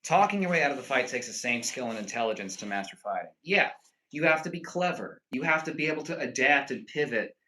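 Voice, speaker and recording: A young man chatting casually with his stream viewers and rambling through animated stories full of fillers. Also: mid-range voice, fast, low-quality recording. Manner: rambling, animated storytelling full of "like" and "you know".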